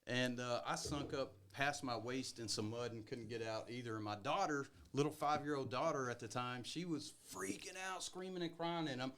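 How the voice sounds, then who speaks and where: A middle-aged man tells outdoor stories on a relaxed podcast. He is plain-spoken and self-deprecating, and he laughs at his own misadventures. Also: mid-range voice, moderate pace, few pauses, a little hiss or hum. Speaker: podcast co-host. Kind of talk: casual storytelling chat.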